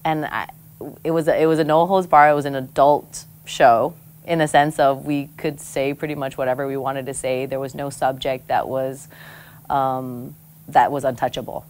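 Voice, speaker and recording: A woman from American Samoa, a guest in an interview, telling personal stories in a frank, expressive way and laughing often. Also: very deep voice, moderate pace. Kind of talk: candid conversational storytelling.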